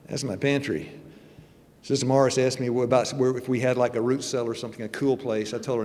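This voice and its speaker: A man's voice: medium pitch, fairly even intonation, normal speed, pauses often, a little mellow. A man in his sixties, a church elder, giving a folksy, joking sermon with his personal testimony. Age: 60s. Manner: folksy, joking, conversational preaching. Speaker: church elder and guest speaker. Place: church sanctuary. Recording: long reverb of a church hall.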